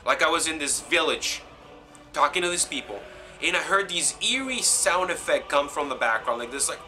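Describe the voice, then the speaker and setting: A young man giving a rambling, excited review of a video game, acting out his own reactions and saying "man" a lot. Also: on the high side, moderate pace, soft background music.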